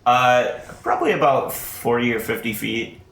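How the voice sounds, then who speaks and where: A man narrating as game master of a tabletop game, in a relaxed manner that breaks into laughter. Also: mid-range voice, moderate pace, vocal fry, echoey room, a little hiss or hum.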